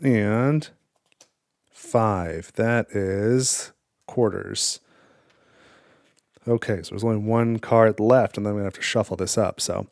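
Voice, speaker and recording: A man's voice: lowish voice, steady tone, slow pace, gravelly, pauses often, darkish tone, no room sound, clean studio sound. A man casually talking through a solo board game, thinking aloud and counting his cards. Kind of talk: casual playthrough commentary.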